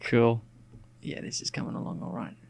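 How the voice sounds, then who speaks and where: A man with an Australian accent, softened by some English RP, chats casually and rambles aloud while sketching on a live stream, with plenty of fillers and restarts. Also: mid-range voice, gravelly, slightly rough. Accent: Australian, with some English RP picked up. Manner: relaxed and rambling, thinking aloud with many fillers. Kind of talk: casual narration while drawing.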